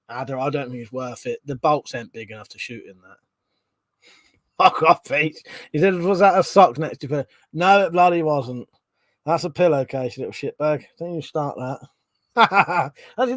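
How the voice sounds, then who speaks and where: Man hosting a casual home livestream, somewhat high voice, swears freely and mutters asides, dry close sound. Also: dry recording. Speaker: livestream host reading chat. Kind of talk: casual live chat. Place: bedroom at home.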